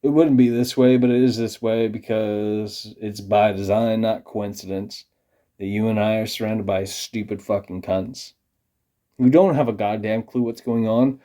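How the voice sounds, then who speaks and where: A man delivering an angry, profane rant straight to his viewers, condescending as he lurches from low muttering to loud outbursts. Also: steady tone, unhurried. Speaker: vlogger. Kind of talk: ranting monologue to camera.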